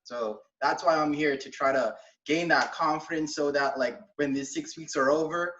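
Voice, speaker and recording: A man's voice: fairly high pitch, normal speed, fairly bright tone, roomy sound, far from the mic, highs cut off, slight background noise. A young man introducing himself as a wrestling student, eager and rambling with many fillers. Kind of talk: casual self-introduction.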